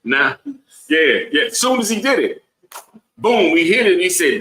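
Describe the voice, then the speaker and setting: Preachy guy teaching bible class, bright sharp voice, echoey room. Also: sits high, big pitch swings, moderate pace. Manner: preachy, asks the room "right?" over and over.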